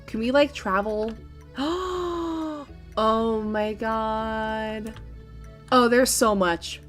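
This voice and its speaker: Gushing high-voiced young woman gamer. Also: very slow, soft background music. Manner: gushing, excitable, gasps often. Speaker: gaming YouTuber. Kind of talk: gameplay commentary and narration.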